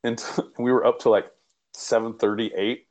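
A man's voice: medium pitch, flat delivery, normal speed, darkish tone, highs cut off. A man co-hosting a podcast, telling rambling, profanity-laced stories in casual chat. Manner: rambling, profane anecdotal storytelling. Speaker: podcast co-host.

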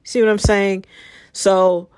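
A woman's voice: mid-range voice, level tone, slow, a little mellow, no echo, studio quality. A woman in her fifties hosting a casual solo podcast as a screenwriter, talking candidly and rambling with many fillers and asides.

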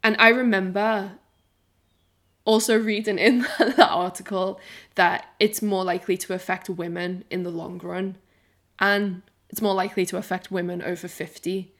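A woman's voice: mid-range voice, level tone, normal speed. Girl in her twenties, chatting candidly on a podcast, lots of "like", swears a bit. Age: 20s. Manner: candid and rambling, swears, says "like" a lot. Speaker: podcast co-host. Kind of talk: casual chat.

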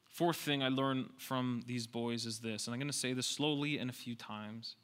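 A man's voice: mid-range voice, steady tone, moderate pace, hardly any pauses, a bit bright, clear, resonant tone. A man preaching a sermon, speaking emphatically, repeating key lines and putting rhetorical questions to his congregation.

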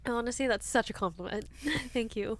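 A woman's voice: a little high, normal speed, no room sound. A woman co-hosting a casual book podcast, adding wry, teasing asides. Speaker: podcast co-host.

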